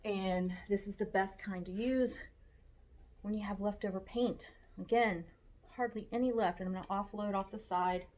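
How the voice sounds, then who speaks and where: A woman's voice: medium pitch, moderate pace, a little hiss or hum. Woman painting furniture, echoey and distant. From Florida, USA. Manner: relaxed, talks through each brush stroke, repeats phrases. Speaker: furniture painter demonstrating technique. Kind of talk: casual how-to narration while working. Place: shop workspace.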